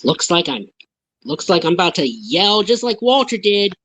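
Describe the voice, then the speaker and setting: Brief: playful woman, wide pitch swings, um-filled chatter. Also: normal speed, slightly rough. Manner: excitable, playful, hesitant fillers. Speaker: stream guest. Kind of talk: casual chat.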